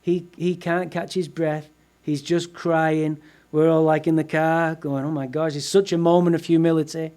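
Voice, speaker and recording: Guy telling a funny sweary story at a meeting, kinda high voice, really animated. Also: moderate pace. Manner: animated, profane, comic storyteller. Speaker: speaker at a recovery meeting. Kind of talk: humorous personal storytelling talk. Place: meeting room before a live audience.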